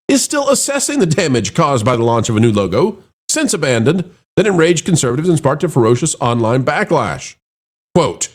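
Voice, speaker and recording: Sarcastic man with a lively swooping voice. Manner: sarcastic and mocking; dramatic swings between high and low voice. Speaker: commentary show host. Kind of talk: opinionated news commentary.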